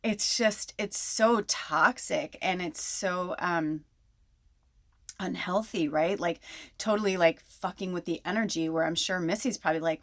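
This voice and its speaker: Low-voiced woman rambling on, casual spiritual chat, swears a lot, dry close sound. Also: unhurried, no echo. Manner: rambling, chatty, swears freely, laughs often. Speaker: podcast host.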